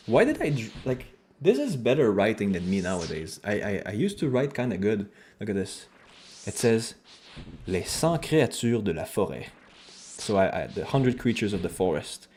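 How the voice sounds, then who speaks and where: Guy streaming, casual chat, swears a lot, kinda low voice. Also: moderate pace, a little hiss or hum. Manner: animated, joking, swears casually.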